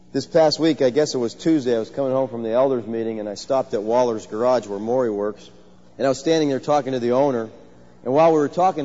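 A man's voice: medium pitch, warm tone. A man, a pastor, preaching a conversational sermon and telling stories to his congregation. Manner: conversational, storytelling, asks the congregation questions. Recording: dull, lo-fi sound with long hall reverb.

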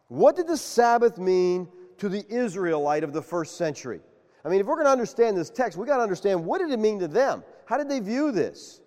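A man preaching a sermon, animated and quizzing his congregation with questions. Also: high-pitched, a little fast. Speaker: pastor. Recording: long reverb of a large hall.

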